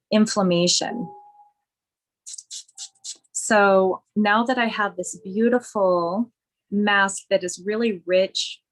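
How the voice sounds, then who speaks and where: A woman esthetician giving a slow, gushing skincare demonstration at home. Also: medium pitch, rough recording.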